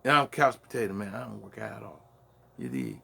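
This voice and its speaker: A man's voice: lowish voice, very animated, brisk, vocal fry, bright, forceful tone, slightly rough. A man with a Brooklyn accent hosting a late-night solo rant from his man cave, full of boastful, profane trash talk. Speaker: host.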